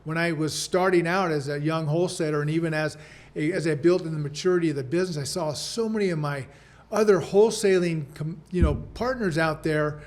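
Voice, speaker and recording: Man, podcast guest coach, earnest, repeats key points, fairly high voice. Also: fairly quick, darkish tone. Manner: earnest, repeats key points, acts out sample client talk. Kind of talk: podcast conversation.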